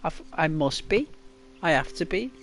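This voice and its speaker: While playing a game, a YouTuber with a Liverpool accent rambles chattily to his viewers, keeps adding "right?" and "you know", and talks at normal speed. His voice sits a little high and a bit bright, with big pitch swings. A little hiss or hum is audible.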